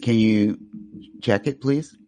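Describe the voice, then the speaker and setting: A man hosting a podcast, passing the mic around in a loose, halting way with many fillers. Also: lowish voice, mellow. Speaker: podcast host. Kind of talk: casual moderating.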